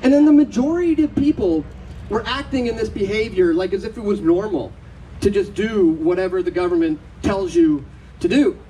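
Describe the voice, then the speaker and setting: A man's voice: sits high, normal speed, dark tone, recorded from a distance, a little hiss or hum, rough recording. A man giving a conference talk, telling anecdotes, acting out the voices of other people and laughing often. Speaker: conference speaker. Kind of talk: storytelling speech to an audience. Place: conference stage.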